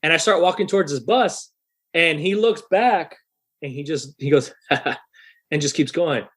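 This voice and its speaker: A thirty-year-old man telling a story in a casual podcast interview, animated and profane, loudly acting out the people he quotes. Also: fairly high pitch, measured pace, breathy edge. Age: 30s. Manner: animated, swearing, acts out quoted voices loudly. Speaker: guest musician.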